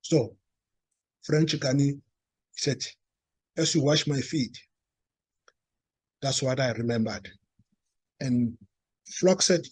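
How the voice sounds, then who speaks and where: A man with a South African accent telling a story to a live audience, halting and restarting, and acting out the quoted dialogue. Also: medium pitch, a little mellow, slightly rough, no room sound. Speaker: speaker at a talk. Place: meeting room.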